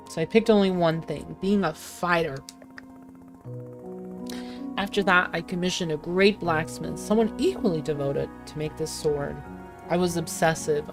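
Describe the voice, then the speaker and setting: A woman reading the lines of a driven young woman fighter in a game, in an earnest, measured voice. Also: on the low side, natural voice.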